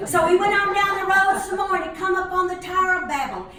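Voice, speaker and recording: A woman's voice: extremely high pitch, fast, sharp tone, a little hiss or hum. An older woman telling a comic tale in a folksy, preacher-like cadence. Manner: dialect-tinged, preacher-like cadence. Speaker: storyteller. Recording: echoey room from a distance.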